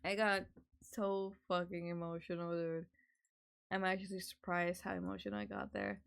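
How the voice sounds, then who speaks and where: Low gravelly-voiced young woman streamer. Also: normal speed. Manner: chatty, swears a lot, laughs often. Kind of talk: casual chat.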